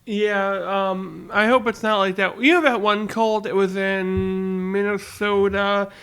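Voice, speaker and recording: A man's voice: high voice, fairly even intonation, slow pace, a bit bright, clear, resonant tone. A man co-hosting a podcast in casual chat, blunt and swearing freely. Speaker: podcast co-host.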